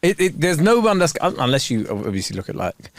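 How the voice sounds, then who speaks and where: A man co-hosting a comedy podcast, his pitch a bit high and bouncing all over as he riffs in slangy, swearing banter. The voice sits close and dry on the mic. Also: very animated, fast, no echo. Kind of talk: casual chat.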